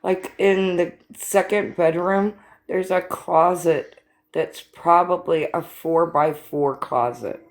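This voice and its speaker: Slow-talking older woman host. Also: fairly low pitch, steady tone. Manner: laughing, swearing, storytelling. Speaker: live stream host. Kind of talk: casual chat. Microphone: phone or computer for live stream.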